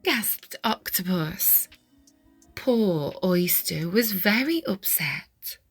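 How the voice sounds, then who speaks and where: A woman reading a children's picture book aloud in an expressive, sing-song storytelling manner, sometimes dropping into whispered asides. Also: mid-range voice, extremely slow, slightly rough, no echo, faint music behind.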